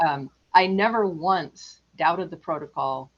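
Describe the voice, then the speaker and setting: A woman with a very low voice speaks calmly and reflectively as an interview guest. Her audio sounds dull and muffled, like a lo-fi call. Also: a little slow. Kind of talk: casual interview chat.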